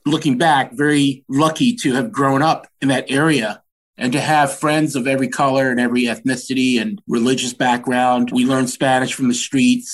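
Earnest man in his sixties. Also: mid-range voice. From Washington, DC. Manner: earnest, animated when recounting anecdotes. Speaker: guest. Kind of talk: reflective storytelling.

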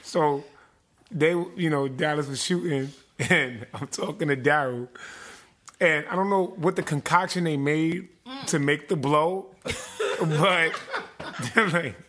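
A man's voice: a little high, slow pace. A man in casual chat who cuts in energetically to tell a backstage story, laughing as he goes. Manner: energetic, interjecting, telling a backstage anecdote.

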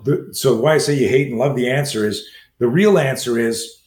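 A man in his sixties, a self-defense trainer, telling stories as a guest and acting out quoted dialogue in a lively way. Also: medium pitch. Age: 60s. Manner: acts out quoted dialogue, fast lively delivery. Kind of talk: animated storytelling in conversation. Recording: roomy echo with faint ambience.

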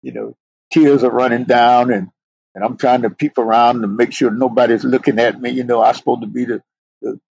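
A man's voice: medium pitch, fairly even intonation, brisk, gravelly, a little mellow, husky, low-quality recording. A middle-aged man, a police sergeant, earnestly telling a personal story as a podcast guest, often saying "you know". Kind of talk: heartfelt storytelling interview.

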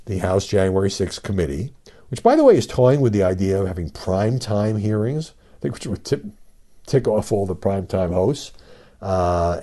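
On his solo podcast, an older male host and media commentator speaks in a lowish voice with a dark tone. His commentary is conversational, peppered with fillers and emphatic rhetorical questions.

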